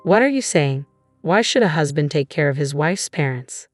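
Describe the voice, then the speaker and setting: A man's voice: a little high, expressive, moderate pace, dry recording, soft background music, natural voice. A woman voicing a controlling, dismissive husband who scoffs and sneers. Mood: scornful. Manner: dismissive, scornful. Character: smug controlling husband, adult man.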